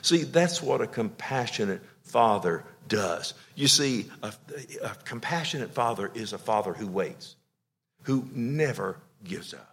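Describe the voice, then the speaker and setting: A middle-aged male pastor preaching a sermon with emotion, swinging from loud declarations to hushed, tender lines. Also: fairly low pitch, lively intonation, unhurried, gravelly.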